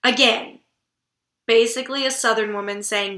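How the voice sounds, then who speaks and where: A woman's voice: fairly high pitch, measured pace, bright, forceful tone, roomy sound. A woman hosting a book vlog, giving casual literary commentary in a blunt, irreverent way and swearing casually. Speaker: book vlogger host.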